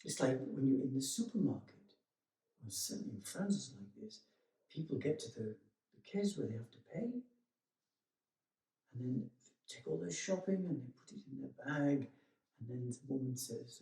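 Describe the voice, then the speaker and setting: A man giving a meditation teacher's dharma talk in a gentle, reflective way, with many pauses and restarts. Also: mid-range voice, animated, vocal fry. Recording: echoey room, voice from far off.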